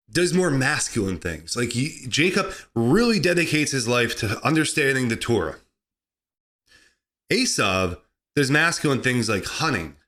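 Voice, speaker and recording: A man hosting a comedy podcast, talking sarcastically and excitably, laughing at his own jokes. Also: medium pitch. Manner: sarcastic, excitable, mock-outraged asides. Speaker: podcast host.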